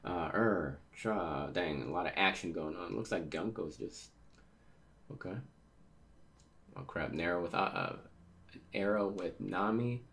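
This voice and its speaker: A man with a deep, gravelly voice reads a comic chapter aloud in a loose, casual way. He reacts to the action and trips over words as he goes. His tone stays low, with a rough fry on the ends of his phrases. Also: expressive, measured pace, pauses often, a bit bright. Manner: reactive, stumbles over words while reading. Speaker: host reading manga aloud. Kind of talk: casual manga read-through with commentary.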